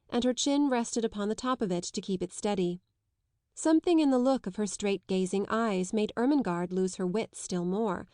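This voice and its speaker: A woman narrating a classic children's novel in a measured, even reading. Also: mid-range voice, dry recording, clean studio sound. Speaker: audiobook narrator.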